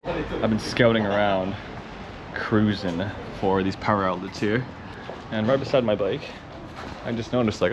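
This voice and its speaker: A man vlogging while traveling, casual and excitable, rambling and swearing. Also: lowish voice, normal speed. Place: outdoors and in temples while traveling. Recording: dull lo-fi audio with clear background noise.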